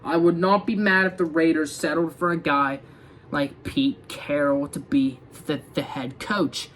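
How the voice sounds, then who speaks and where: Speaking at a measured pace, a young man with a slightly high, fairly bright voice and fairly even intonation talks football casually, with a little hiss or hum in the background. This tired, yawning sports fan vlogger rambles, restarts often, and fills gaps with "dude" and "bro."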